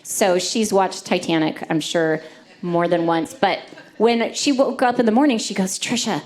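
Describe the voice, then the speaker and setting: A woman delivering a church sermon at a middle pitch. She tells personal stories in a lively, chatty way, as if talking with friends from the pulpit. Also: normal speed. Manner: lively, conversational storytelling. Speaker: church speaker. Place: church service.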